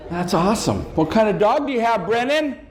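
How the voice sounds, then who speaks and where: Male stand-up, high animated voice, playful teasing crowd work; live in a roomy theater, faint crowd behind. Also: fairly quick. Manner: teasing, animated, bursts of laughter. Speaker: comedian doing crowd work. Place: large cruise ship theater. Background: audience laughter.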